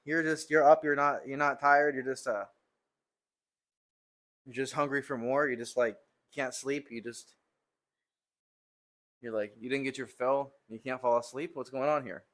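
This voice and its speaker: A man's voice: medium pitch, steady tone, measured pace, long pauses, a bit bright. Guy streaming his lifts from a home gym, jokey teasing chat, sighs and laughs between sets. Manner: joking, teasing banter with a viewer, laughs and sighs. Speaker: fitness streamer. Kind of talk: casual live-stream chat.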